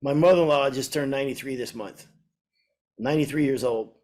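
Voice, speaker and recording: A man's voice: medium pitch, fairly quick, a little mellow. An older man co-hosting a podcast, telling a story in a chatty, hesitant way. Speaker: podcast co-host, flooring contractor. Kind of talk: casual storytelling.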